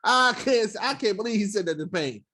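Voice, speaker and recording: Slightly high-voiced laughing podcast man. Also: lively intonation, moderate pace, sharp tone. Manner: laughing, swearing, slipping into impressions. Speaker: podcast host. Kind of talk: casual banter.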